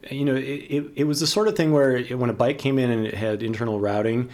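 A man co-hosting a casual podcast chat, relaxed and chatty, laughing easily. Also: medium pitch, quick pace. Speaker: co-host.

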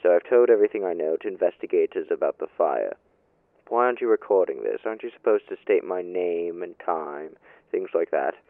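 A man's voice: low-pitched, lively intonation, moderate pace, creaky, phone-quality sound, a little hiss or hum. An actor playing a defensive landlord under interrogation, who blusters and stammers his denials. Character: defensive middle-aged male landlord suspect.

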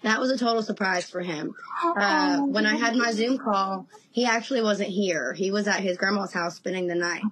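A woman in her thirties, a guest in a casual interview, telling animated stories and laughing often. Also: medium pitch, moderate pace, rough recording.

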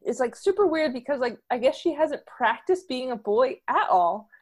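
A woman's voice: high-pitched, moderate pace, crowd noise. A woman co-hosting a podcast, chatting casually about films with lots of restarts and "like"s. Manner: chatty, many restarts and "like"s, lively opinions. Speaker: podcast co-host. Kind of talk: casual film discussion.

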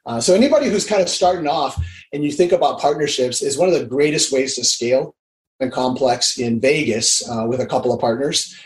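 A man from Hawaii, a lively interview guest at an everyday mid pitch. He acts out the dialogue he quotes as he talks. His voice rings with a roomy echo. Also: a little fast. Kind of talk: casual interview chat.

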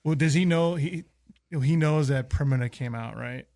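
A man's voice: a little high, normal speed, creaky, darkish tone. A man playing a tabletop game, thinking aloud as he plans his character's moves. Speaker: player.

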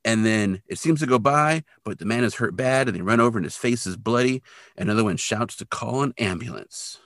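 A man co-hosting a podcast, casually retelling an episode with lively sound effects. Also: lowish voice, fairly quick, no echo, studio quality. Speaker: podcast co-host.

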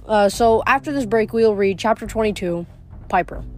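A woman's voice: mid-range voice, moderate pace, a little mellow, slight background noise. A woman reading a novel aloud and chatting about it, often stumbling and correcting herself. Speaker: book reader.

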